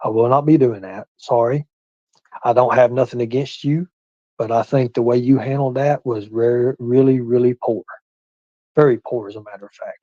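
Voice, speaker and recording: A man's voice: mid-range voice, fairly even intonation, warm tone, dry recording. Aggrieved man on dull lo-fi audio. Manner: aggrieved, deliberate, repeats himself. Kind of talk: livestream call-out.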